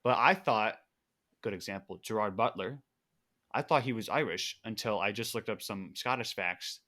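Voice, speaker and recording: A man co-hosting a podcast in easygoing casual chat, often trailing off quietly. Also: fairly low pitch, moderate pace. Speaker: podcast co-host.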